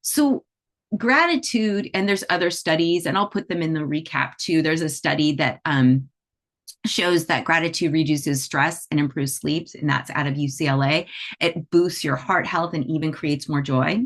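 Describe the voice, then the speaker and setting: A woman's voice: deep voice, moderate pace. A middle-aged woman teaching animal Reiki in a conversational way, with frequent "you know" and "right?" asides.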